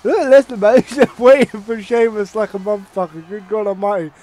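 A young man from Ireland casually commentating a wrestling video game, excitable and swearing, with bursts of mock ring announcing. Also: high-pitched, fairly quick. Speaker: gaming commentator.

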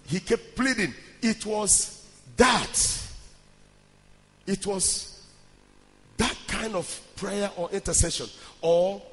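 A male preacher delivering a fervent sermon, often shouting and chanting phrases rhythmically. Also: high-pitched, big-room sound.

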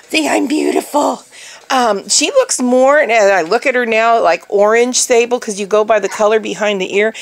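High-pitched gravelly woman doing baby talk. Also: animated, moderate pace. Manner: sing-song baby talk, drops to soft whispers. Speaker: pet owner filming her new puppy. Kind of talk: casual home video narration with baby talk. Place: bedroom at home.

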